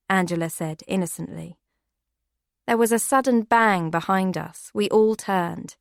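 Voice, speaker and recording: A woman giving steady, measured first-person audiobook narration. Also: mid-range voice, vocal fry, no echo, studio quality.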